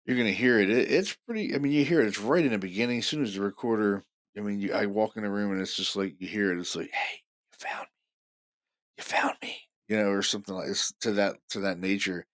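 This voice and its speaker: A man hosting a paranormal show, telling stories casually in an excited, rambling way full of fillers and restarts. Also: fairly low pitch, fast, hardly any pauses. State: deaf in left ear. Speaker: paranormal podcast host. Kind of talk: casual storytelling monologue.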